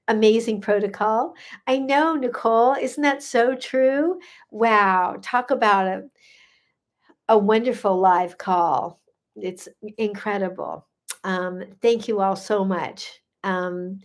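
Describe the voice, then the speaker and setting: Gushing woman host reading live comments. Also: medium pitch. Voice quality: effusive, gushing, with many fillers. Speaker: gut health coach hosting a live stream. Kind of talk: casual live-stream chat reading viewer comments.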